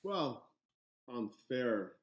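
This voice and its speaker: A man in his forties, a former hockey player, answering interview questions in a relaxed, shrugging way. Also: mid-range voice, very slow. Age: 40s. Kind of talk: casual interview. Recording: roomy echo.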